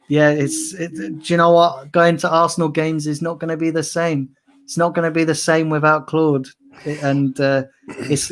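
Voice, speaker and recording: A man talking in a casual tribute chat, hesitant and heartfelt, with many restarts. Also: on the high side. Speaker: regular on fan channel stream.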